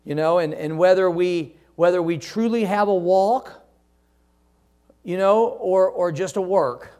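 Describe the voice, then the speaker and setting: A man preaching a sermon as a pastor, reading scripture aloud and asking the congregation to answer back, often dropping to soft, slow phrases. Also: high voice. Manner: preaching with call-and-response questions to the congregation.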